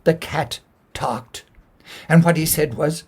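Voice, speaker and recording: Irish male storyteller, slightly high voice, homely and conversational, speaks to his listeners. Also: very animated, slow pace, a little mellow. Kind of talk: oral folk storytelling.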